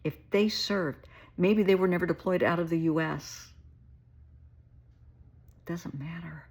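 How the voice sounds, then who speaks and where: Low gravelly-voiced woman, earnest and emotional. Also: moderate pace. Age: middle-aged. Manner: warm, earnest, emotional, addresses viewers as sweetheart. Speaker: therapist. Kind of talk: heartfelt direct-to-camera talk.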